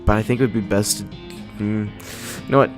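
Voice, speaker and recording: A man's voice: on the low side, fairly even intonation, brisk, music in the background. A young man giving casual let's play commentary, hesitant with many ums, now and then reading game text aloud in a put-on cowboy drawl. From the American West. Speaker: gamer.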